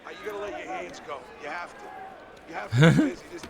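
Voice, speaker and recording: A man voicing a pushy male boxing corner trainer in a video game, urging his fighter bluntly and fast. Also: fairly high pitch, expressive, gravelly, crowd noise. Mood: urgent.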